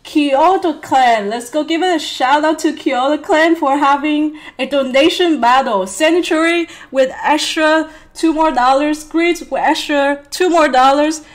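Brief: high-voiced, excitable woman streamer, giggly, fast to react. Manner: giggly, excitable, thanks donors. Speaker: streamer host. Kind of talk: casual livestream chat.

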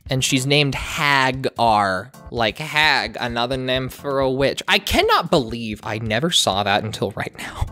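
Wry woman with lively pitch. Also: a little slow, hardly any pauses, soft background music. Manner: sarcastic, wry asides. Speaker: show reviewer. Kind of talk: animated commentary.

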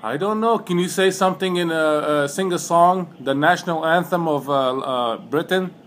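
A man questioning a phone caller in a flat, probing way, toying with him. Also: on the high side, normal speed, slight background noise. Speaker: call recipient baiting a scammer. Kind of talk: prank phone call.

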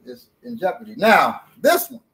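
A man with a notably high speaking voice runs a hands-on self-defense demonstration. He jokes as he goes and often repeats words while showing the moves. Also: moderate pace. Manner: animated, jokey, repeats words.

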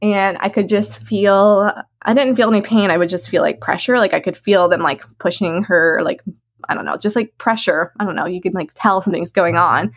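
Chatty laughing young-sounding woman. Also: normal speed. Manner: chatty, laughs often, lots of "like" fillers; animated, swings into high excited tones. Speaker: guest sharing her birth story. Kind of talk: casual personal storytelling.

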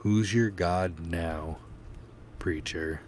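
Man doing a cold, threatening vigilante, very low voice, slow and pointed, audiobook read. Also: fairly even intonation, slight background noise. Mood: menacing. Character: cold menacing male vigilante, calm and threatening.

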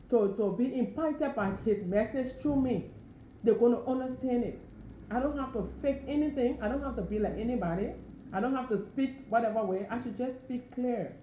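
A Christian encourager with a Liberian accent delivers a fervent, informal sermon from her dining room, repeating her urgings again and again. Her high-pitched voice comes through phone-quality audio with reverb and a little hiss or hum.

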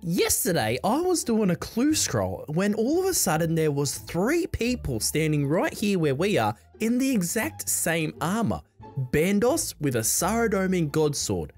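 A woman hosting a gaming channel, doing gameplay commentary with comic skits in an excitable, chatty manner full of slang. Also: fairly low pitch, measured pace, slightly rough, faint music behind.

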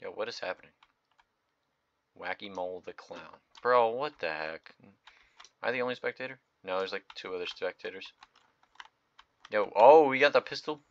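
A young man giving excitable, slangy gameplay commentary, swinging from loud outbursts to mumbled asides. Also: on the low side, normal speed, vocal fry, long pauses, dull audio. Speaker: gaming video host.

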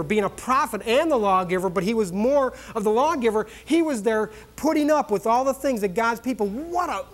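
Animated folksy male pastor preaching. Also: high voice. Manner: animated storytelling with exclamations; conversational, folksy and humorous. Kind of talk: sermon.

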